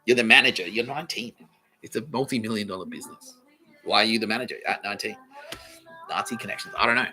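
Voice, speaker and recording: A man's voice: lowish voice, quick pace, faint music behind, poor audio. An Australian man hosting a comedy podcast, telling rambling stories full of swearing and laughter. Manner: profane, laughing, animated rants. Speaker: podcast host.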